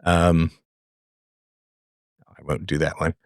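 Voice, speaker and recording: A middle-aged man with a slow bass voice hosts a live call-in talk show in an online audio space, recorded dry with clean studio sound. As a podcast host, he talks casually and animatedly, acting out quoted voices and singing snatches as he goes.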